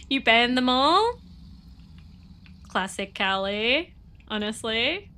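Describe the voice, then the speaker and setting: A woman's voice: sits high, animated, drawn-out words, pauses often, bright, forceful tone. A young woman streaming a game and chatting with her viewers, with a stuffy, sniffly nose and a bubbly, chatty manner. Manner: chatty, bubbly, talks to chat. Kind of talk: casual live-stream chat.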